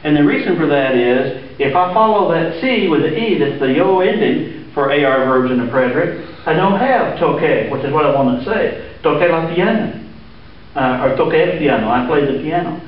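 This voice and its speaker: A man's voice: fairly high pitch, expressive, normal speed. A man teaching a Spanish grammar lesson, patiently walking through examples with frequent "uh" fillers. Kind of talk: classroom lesson explaining grammar. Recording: echoey room, distant mic, dull sound.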